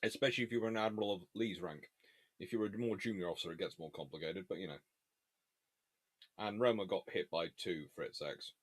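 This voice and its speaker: A man with a lowish voice runs a relaxed live Q&A, reading out viewer questions and answering them in an easy, offhand way. He talks while eating between remarks. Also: fairly quick, husky. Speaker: host and naval historian. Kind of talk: casual live Q&A chat.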